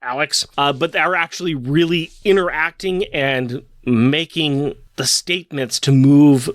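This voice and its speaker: A man's voice: a little high, measured pace, fairly bright tone, no room sound, studio quality. A man co-hosting a casual podcast about comics, thinking aloud and putting questions to his co-host. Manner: thoughtful, asks questions, jokes with his co-host. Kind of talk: casual comic book discussion.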